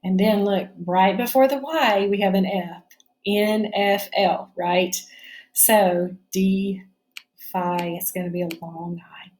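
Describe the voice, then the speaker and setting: A woman's voice: lowish voice, a little mellow. Middle-aged woman teacher, patient and encouraging, recorded phonics lesson from her home kitchen. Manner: patient, checks in with students often.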